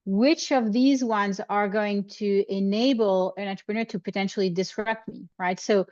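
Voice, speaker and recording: A woman's voice: mid-range voice, fairly even intonation, normal speed, a little mellow. A woman hosts a podcast interview and thinks aloud, restarting her phrases many times as she works out her point. Her voice sounds dull and slightly muffled. It is close to the mic and dry, with no room echo. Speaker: podcast host.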